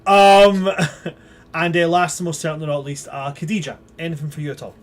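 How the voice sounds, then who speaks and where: Chatty game master signing off. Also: male voice, a little high, brisk. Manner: chatty, upbeat sign-off. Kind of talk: closing a livestream, plugging socials.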